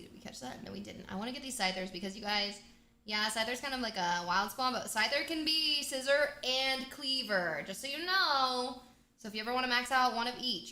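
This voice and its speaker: A woman hosting a casual game livestream, chatty and bubbly with excited outbursts. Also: a little high. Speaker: livestream host. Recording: echoey room.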